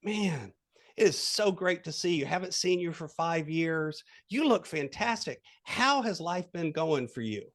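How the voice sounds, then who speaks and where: A man, speaking as a happy old friend, greeting someone warmly after years apart. The voice sits a little high and the delivery is friendly, soft and unhurried. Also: expressive. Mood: glad. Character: warm old friend, delighted at a chance reunion.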